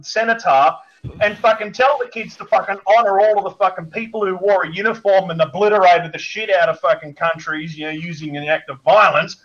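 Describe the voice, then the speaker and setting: A man with a notably high voice rants crudely and sarcastically in casual podcast commentary. His audio comes through dull and lo-fi, and he swears freely as he mocks his targets. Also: a bit bright. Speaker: podcast guest. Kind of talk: profane ranting commentary.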